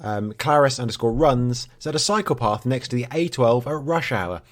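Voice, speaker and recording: A man's voice: mid-range voice, expressive, moderate pace. A man co-hosting a podcast, teasing his co-host with dry humour and reading out listener messages. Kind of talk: casual chat.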